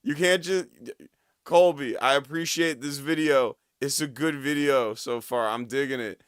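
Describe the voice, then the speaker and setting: A hoarse man in his thirties giving profane, laughing commentary while reacting to a video on a livestream. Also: mid-range voice, fairly even intonation, unhurried, dry recording, clean studio sound.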